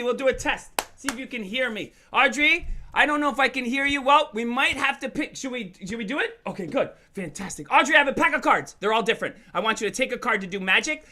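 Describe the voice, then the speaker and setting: A woman's voice: on the high side, bright, forceful tone. A woman presenting a playful online show for children, coaxing them to join in and talking straight to them. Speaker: kids' show presenter and magician. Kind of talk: lively online kids' workshop.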